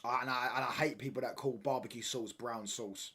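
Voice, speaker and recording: A young man chatting casually and slangily on a live football watchalong stream, sometimes getting loud when he rants. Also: medium pitch, steady tone, fairly quick, husky. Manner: casual slangy banter, repeats phrases, gets loud when ranting.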